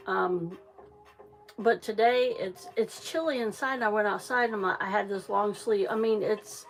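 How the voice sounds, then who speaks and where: A middle-aged woman talks to her livestream viewers in an unhurried, rambling way, full of ums and false starts. She sounds a touch out of breath, and soft music plays faintly behind her in a small home. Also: on the high side. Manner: rambling, chatty, many ums and restarts. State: slightly out of breath. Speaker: livestream crafter. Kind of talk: casual livestream chat.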